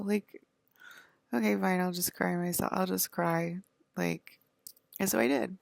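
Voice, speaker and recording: Low raspy lady venting to camera, rambly and swearing a lot. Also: steady tone, a little slow, pauses often, darkish tone, dry recording, clean studio sound. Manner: rambling, profane and indignant. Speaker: vlogger.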